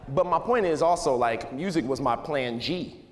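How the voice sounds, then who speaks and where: A man in his thirties giving a relaxed, rambling talk to a live audience in a school auditorium, full of "you know" and "like". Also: on the high side, moderate pace. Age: 30s. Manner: loose and conversational, heavy with "you know" and "like". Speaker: guest speaker. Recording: long hall reverb.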